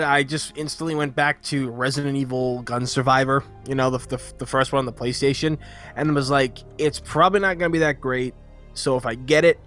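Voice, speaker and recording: A man's voice: mid-range voice, fairly bright tone. A man co-hosting a podcast in casual chat, rambling through his points. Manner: rambling, with many fillers and restarts. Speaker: podcast co-host.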